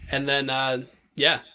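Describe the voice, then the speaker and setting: A man co-hosting a podcast, casually recapping a TV show, laughing often and acting out characters' lines in quick offhand voices. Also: mid-range voice, pushed and bright. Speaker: podcast co-host.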